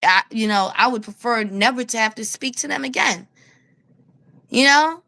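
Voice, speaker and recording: A woman with a New York accent ranting to camera as a street vlogger, animated and blunt, laughing as she tells her story. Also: on the high side, moderate pace, gravelly. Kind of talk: casual rant to camera.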